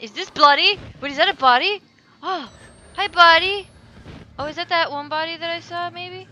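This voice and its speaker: Jittery young woman, bright and animated. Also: high-pitched, low-quality recording. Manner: jumpy, exclaiming, nervous laughter. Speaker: gameplay commentator. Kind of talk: scared horror game commentary. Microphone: desk microphone, knocked about. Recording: faint background noise.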